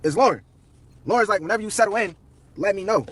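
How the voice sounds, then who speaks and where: A man's voice: high voice, expressive, quick pace, a bit bright, husky. A young man telling a long personal story on a live stream, slangy and profane, quoting everyone in turn.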